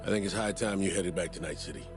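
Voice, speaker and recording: A weary, guilt-ridden secret agent in a video game with an extremely deep voice. He speaks low, subdued and somber, over loud music. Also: quick pace.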